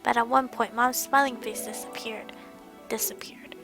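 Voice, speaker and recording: A woman reading first-person visual novel narration aloud in a soft, near-whispered way. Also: fairly high pitch, fairly even intonation, moderate pace, music in the background. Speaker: let's play streamer.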